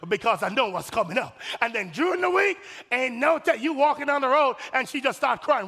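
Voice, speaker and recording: A man's voice: very high voice, animated, brisk, creaky, bright, forceful tone. A man preaching a sermon as pastor, emphatic and folksy, repeating his points and speaking directly to the congregation. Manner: folksy and humorous. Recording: long hall reverb.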